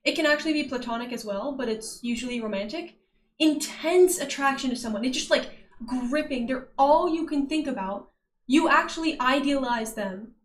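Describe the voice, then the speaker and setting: A woman's voice: high voice, moderate pace, echoey room. A young woman streaming, chatting casually with viewers, laughing often and greeting chat. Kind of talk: casual livestream chat reading viewer messages.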